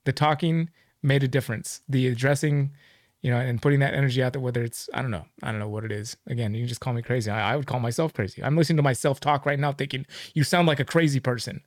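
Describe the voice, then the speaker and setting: A man's voice: mid-range voice, fast, no room sound, studio quality. A man talking as a guest on a podcast in a rambling, self-mocking way. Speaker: guest snake keeper. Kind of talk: casual podcast chat.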